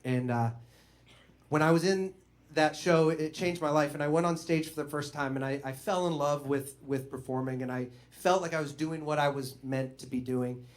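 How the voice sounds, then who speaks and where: A man doing stand-up storytelling, conversational and animated. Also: a little high, moderate pace. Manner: animated, conversational, with bursts of laughter. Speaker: comedian.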